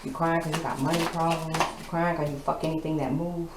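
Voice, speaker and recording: A woman's voice: deep voice, fairly even intonation, brisk. Blunt, profane woman reading tarot. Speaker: tarot reader. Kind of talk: casual tarot reading to camera. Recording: echoey room with background noise.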